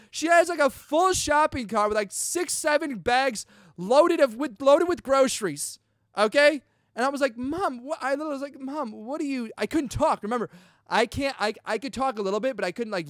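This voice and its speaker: A young man hosting a podcast, excitedly telling a personal story in casual chat, full of dude and bro. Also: very high voice, dry recording, clean studio sound. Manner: chatty and excitable, peppers talk with dude and bro. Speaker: podcast host.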